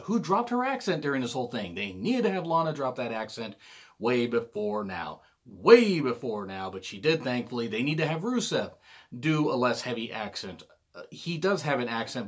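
Man, casual vlogger, rambling, jokey, mid-pitched voice. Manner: rambling, jokey, self-correcting. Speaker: wrestling show reviewer. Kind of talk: casual solo review vlog.

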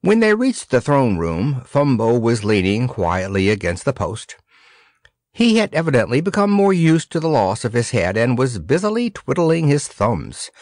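An expressive man reads a children's storybook aloud, his mid-range voice rising and falling animatedly. The sound is close and dry, with no room echo. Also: medium pitch, moderate pace. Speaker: audiobook narrator. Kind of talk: storybook narration.

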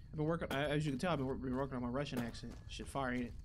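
A young man giving casual, profane gameplay commentary who reacts loudly to the action. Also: mid-range voice, steady tone, rapid-fire, few pauses, a little hiss or hum. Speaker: gaming channel host.

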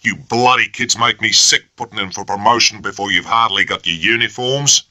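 A man's voice: on the low side, normal speed, bright, forceful tone, no echo, pitched above the performer's own voice. A man voicing a coarse, sarcastic and bullying first lieutenant who talks with peevish scorn. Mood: sneering.

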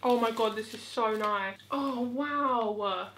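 A woman's voice: fairly high pitch, slow pace, noisy background. A British woman from the UK gushing as she unboxes gifts in a casual vlog. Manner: gushing, exclamatory. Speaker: vlogger.

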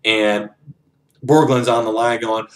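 A man's voice: fairly low pitch, fairly even intonation, slow. A man casually retelling a novel in his own words, rambling and swearing freely as he narrates the scenes. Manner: rambling and profane, narrates scenes with frequent quoting. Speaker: book reviewer retelling a novel.

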